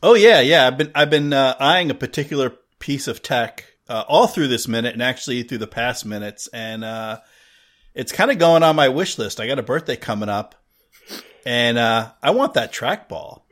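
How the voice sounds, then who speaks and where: A man's voice: medium pitch, lively intonation, normal speed, fairly bright tone. A man as guest in a casual chat, chatty and rambling.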